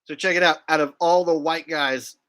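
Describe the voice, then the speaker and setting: Dude on a livestream chatting w viewers, cocky jokes, swears a lot, bright voice. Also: male voice, a little high, steady tone, normal speed. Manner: joking, brash, profane. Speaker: livestream host. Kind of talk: casual livestream chat.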